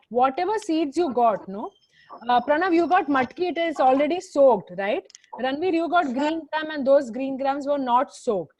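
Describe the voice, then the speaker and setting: A woman's voice: high voice, lively intonation, normal speed, darkish tone. A woman teacher with an Indian English accent, giving an online class over a video call. She repeats her instructions, switches into Hindi, and scolds students by name.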